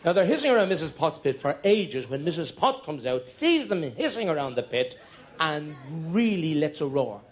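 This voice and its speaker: A middle-aged Irish comedian spins stand-up yarns on stage with a chatty, conspiratorial lilt. His voice sits a little high for a man, and he leans on repeated phrases to build each joke. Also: big pitch swings, moderate pace. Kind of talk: live stand-up storytelling.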